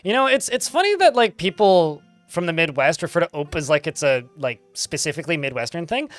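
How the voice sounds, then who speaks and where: A man's voice: fairly high pitch, sing-song, a little fast, hardly any pauses, fairly bright tone, no room sound, soft background music. A man chatting casually while livestreaming a game, rambling with lots of filler words. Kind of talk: casual live gameplay chat.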